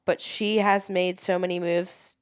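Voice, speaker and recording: Female podcast co-host with a smooth, clear voice, relaxed casual delivery. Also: lowish voice, a little slow. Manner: relaxed, talks in loose run-on thoughts. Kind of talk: casual chat.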